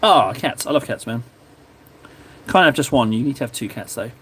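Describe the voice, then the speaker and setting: A man with a mid-range, fairly bright voice and lively intonation speaks at normal speed while painting miniatures on a live stream, with a little hiss or hum in the background. He rambles casually, jokes at his own expense, and drifts off topic often.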